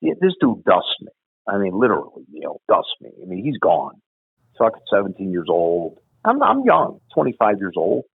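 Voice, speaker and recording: A man with a deep, gravelly tells blunt, profane stories from his years on the force. His voice is husky and very low, with a dry, close sound. It comes through a tinny, phone-like line. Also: normal speed, dry recording. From Chicago. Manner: blunt, profane, animated storyteller. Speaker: interview guest, former police officer. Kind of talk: casual storytelling.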